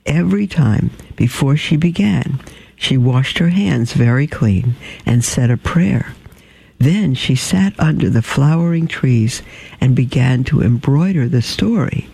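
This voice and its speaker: A man reading a storybook aloud at an unhurried, measured pace. His voice is dark and mellow with a gravelly, creaky texture, and he now and then clears his throat or trips over a word. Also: mid-range voice, lively intonation, no room sound, low-quality recording.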